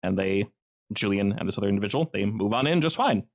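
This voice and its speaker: Man with a lowish voice, game master, relaxed casual narration, filler words. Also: fast talker.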